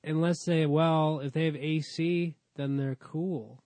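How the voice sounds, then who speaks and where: A man with a fairly high but warm, mellow voice speaks slowly and unhurriedly. He banters and jokes casually on a podcast, and the sound is close and dry. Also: fairly even intonation, no room sound. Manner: joking, playful banter. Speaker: podcast co-host. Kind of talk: casual chat.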